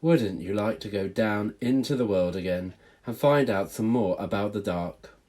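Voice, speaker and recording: A man's voice: fairly low pitch, normal speed, darkish tone, soft background music, natural voice. A man voicing a tired, firm mother barn owl in a motherly manner.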